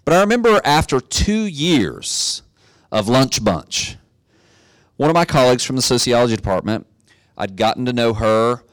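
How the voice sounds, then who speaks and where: A middle-aged man preaching a sermon, telling a story in a relaxed way and building to emphatic exhortation. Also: mid-range voice, normal speed, no echo. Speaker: pastor.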